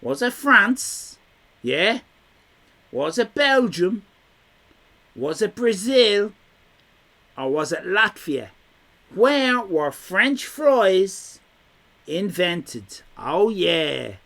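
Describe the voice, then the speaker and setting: A man's voice: high voice, big pitch swings, extremely slow, vocal fry, long pauses, bright, forceful tone. A young Irish man hosting a quiz on a live stream. He is chatty and teasing as he reads chat messages aloud.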